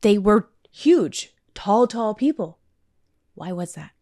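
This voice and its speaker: A woman's voice: medium pitch, lively intonation, slow pace, mellow, no room sound, clean studio sound. A woman guest on a podcast, earnestly explaining ideas in casual talk and sometimes searching for words. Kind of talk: casual chat.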